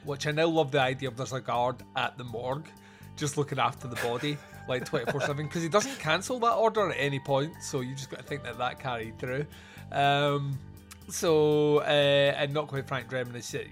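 A man's voice: mid-range voice, normal speed, a bit bright, soft background music. A man hosting a podcast, casually recapping film scenes with frequent laughs and quoted lines. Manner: recounts scenes, laughing, quoting characters. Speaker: podcast host. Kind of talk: casual movie review chat.

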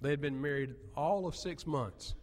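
A man's voice: fairly high pitch, normal speed, a little hiss or hum. Man preaching in a reverberant church. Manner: earnest, emphatic preaching with rising peaks. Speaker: pastor. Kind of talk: sermon.

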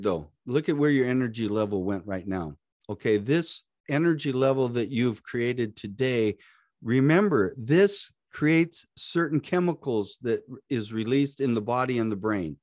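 A man's voice: mid-range voice, lively intonation, unhurried, darkish tone, no room sound, studio quality. A man co-hosting a live podcast, talking in a motivational, preachy, encouraging way. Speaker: podcast co-host.

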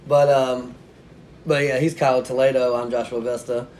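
A man's voice: mid-range voice, little pitch movement, moderate pace, darkish tone, a little hiss or hum. A man talking as a podcast guest, telling a story in a casual, self-mocking way and laughing often.

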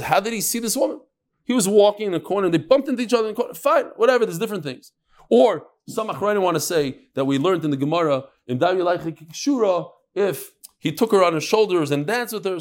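High-voiced man teaching Gemara. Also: animated, fast. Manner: reads Aramaic then explains in English with jokes. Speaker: Talmud teacher. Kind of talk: Gemara class explaining text.

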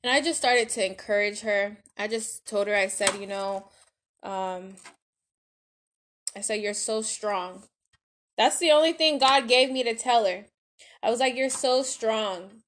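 A woman's voice: a little high, normal speed, pauses often, a bit bright. A woman hosting a podcast, chatting casually to her listeners while she cooks. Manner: chatty, addresses listeners as y'all. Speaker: podcast host. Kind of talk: casual chat while cooking.

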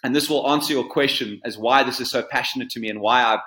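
In a roomy, echoing recording, a man in his forties who works as a surf coach tells a story during an interview. His medium-pitched voice is quick, pushed and bright, and he speaks earnestly, often repeating words while searching for them.

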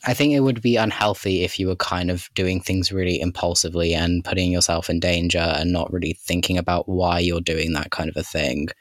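A man's voice: low voice, steady tone, fairly quick, few pauses, no echo. A man co-hosting a podcast in casual chat, rambling and filling his sentences with "like" and "kind of". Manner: rambling, heavy use of "like" and "kind of". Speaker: podcast co-host.

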